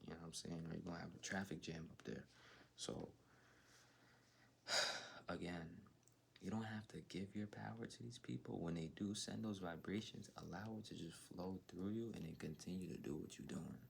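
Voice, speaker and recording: A man giving a live tarot reading to his chat in laid-back, slangy talk, sometimes dropping into soft whispered asides. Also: sits low, normal speed, vocal fry, a little hiss or hum. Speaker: tarot reader.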